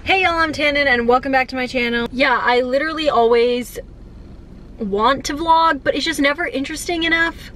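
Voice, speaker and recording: A woman's voice: high-pitched, moderate pace, a bit bright, slight background noise. A young woman vlogging her day in casual, chatty talk with a friend. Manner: chatty, laughs and sings along. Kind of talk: casual vlog chat. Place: in a car. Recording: music playing in the background.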